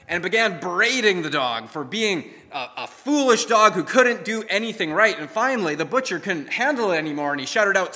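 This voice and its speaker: A man preaching a sermon as pastor, praying and then telling a story in an animated way that acts out the quoted lines. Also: sits high, normal speed. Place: church sanctuary. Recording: long hall reverb.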